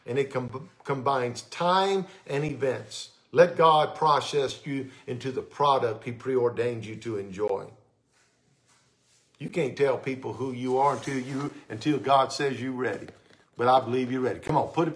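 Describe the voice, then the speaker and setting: Pastor guy preaching hard on a church mic, gets fired up then goes soft and close. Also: medium pitch, moderate pace. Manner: fervent, rising to excited shouts then dropping to soft, intimate tones. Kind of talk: sermon. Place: church sanctuary.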